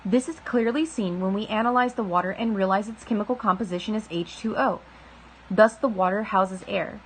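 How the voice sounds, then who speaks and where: A woman reading a religious book aloud in a soft, slow, deliberate way, drawing out key words. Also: mid-range voice, slight background noise, rough recording. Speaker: reader of a spiritual text.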